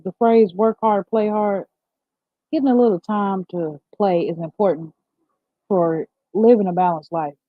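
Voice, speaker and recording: A woman's voice: mid-range voice, dry recording. A woman in her thirties hosting a casual morning livestream, upbeat and chatty, reading viewer comments aloud and talking straight to them. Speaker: livestream host. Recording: tinny phone-like sound.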